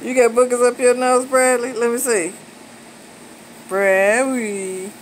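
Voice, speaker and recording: A woman's voice: a little high, slow, low-quality recording. A middle-aged woman babysitting her toddler grandsons at home, teasing them in playful baby talk, laughing often in a sing-song way. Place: home, indoors. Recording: steady air-conditioner hum behind.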